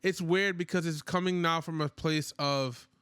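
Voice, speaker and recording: Animated man chatting on a podcast. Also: a little high, moderate pace, clear, resonant tone, no echo. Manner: animated, questioning, many restarts. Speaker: podcast co-host. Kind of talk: casual chat.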